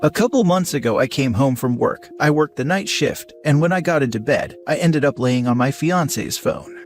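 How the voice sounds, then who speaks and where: A man reads an online post out loud at a normal speed, keeping a steady, level storyteller's tone. His pitch is medium, and quiet music drifts softly beneath him.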